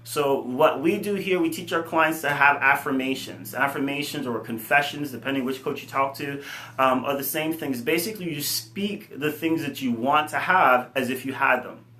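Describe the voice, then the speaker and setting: A man running a fitness company, giving an earnest, animated motivational talk full of fillers. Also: mid-range voice, moderate pace. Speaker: fitness company CEO and coach. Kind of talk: casual motivational talk to camera. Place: room with his computer. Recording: echoey room.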